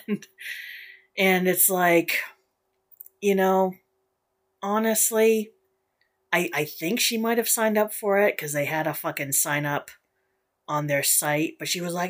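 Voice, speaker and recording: A woman's voice: on the low side, slow pace, long pauses, a bit bright. A young woman hosting a casual solo podcast, ranting bluntly with lots of swearing and frequent laughter. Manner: profane, blunt, laughs often. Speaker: podcast host.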